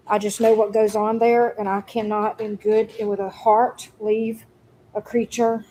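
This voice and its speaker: A woman's voice: medium pitch, warm tone, slight background noise, poor audio. A woman rambling through a casual vlog update about rescuing cats, recorded on her phone. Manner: rambling, chatty, repeats herself. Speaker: cat rescuer vlogger. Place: hot day, in or near her truck.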